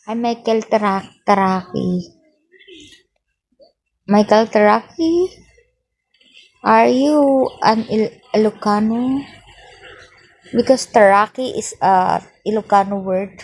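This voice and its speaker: Slow-talking woman livestreamer. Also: mid-range voice, darkish tone, low-quality recording. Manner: reads out viewer names, asks for gifts; mixes English with Filipino phrases. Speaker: livestream host. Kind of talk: casual livestream chat with viewers.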